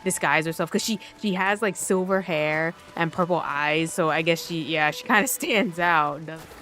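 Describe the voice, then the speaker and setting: A woman's voice: low-pitched, normal speed, fairly bright tone, faint music behind. A woman gaming streamer casually retelling a game's story, rambling with many fillers and slipping into the characters' voices. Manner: rambling, filler-heavy, uses "like" constantly; slips into quoted voices of characters.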